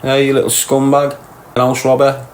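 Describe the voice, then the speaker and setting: This livestream host, a middle-aged man with a Liverpool accent, reads out viewers' comments and banters back crudely, teasing them in slang. He speaks in a monotone at medium pitch and normal speed. There's slight background noise.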